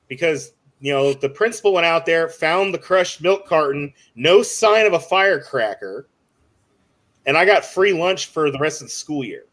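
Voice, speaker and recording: High-voiced young man telling a story. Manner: animated storytelling, heavy swearing. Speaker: panelist. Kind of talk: casual chat.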